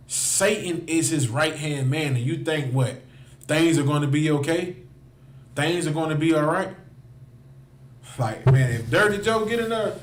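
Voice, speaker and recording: Impassioned preacher man, echoey. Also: fairly high pitch. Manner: impassioned, repeats phrases, addresses listeners directly. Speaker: street preacher. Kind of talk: heated preaching to a livestream.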